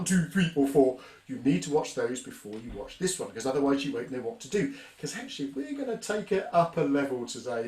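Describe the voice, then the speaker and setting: A man's voice: on the high side, darkish tone. A man hosting a percussion workshop, upbeat and explaining the instruments step by step. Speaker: workshop host. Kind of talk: music workshop teaching. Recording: roomy echo.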